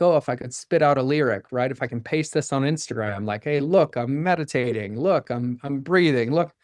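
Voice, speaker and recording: A middle-aged man as a podcast guest, speaking earnestly in a fast flow with lots of fillers like "like" and "right?", and acting out little bits of dialogue as he goes. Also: medium pitch, a little mellow, no room sound, clean studio sound. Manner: acts out quoted dialogue with his son. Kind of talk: candid interview talk.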